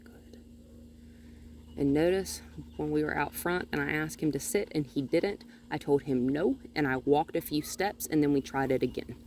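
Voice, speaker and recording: A woman working as a dog trainer, calmly explaining her methods during a hands-on outdoor session and often breaking off to praise the dog. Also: low voice, normal speed, slight background noise. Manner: calm and explanatory, with frequent cheerful praise for the dog. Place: outdoors near a gate with a noisy HVAC unit.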